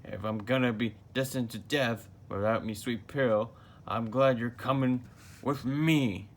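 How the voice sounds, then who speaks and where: A man voicing a gruff, miserly old male crab from a cartoon, talking like an old sea captain. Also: medium pitch, fairly even intonation, measured pace, lightly acted. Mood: gloomy.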